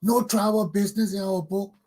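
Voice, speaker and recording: Liberian talk show guy, high pitched and kinda raspy, angry scolding rant that keeps repeating itself. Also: fairly even intonation, fairly quick, darkish tone. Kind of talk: ranting monologue.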